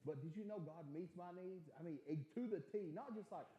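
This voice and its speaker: High-voiced preacher, shouting then hushed. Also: male voice, brisk, highs cut off. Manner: swings between shouted preaching and quiet, soft-spoken storytelling; repeats and restarts words in bursts. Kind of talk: sermon. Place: church sanctuary.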